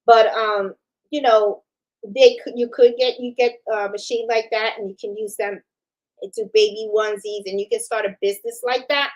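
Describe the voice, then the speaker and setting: A middle-aged New York City woman hosts a casual livestream, chatting loosely with lots of fillers and restarts while greeting viewers one at a time. Her fairly high voice holds a steady tone at a normal speed, though the recording is low quality.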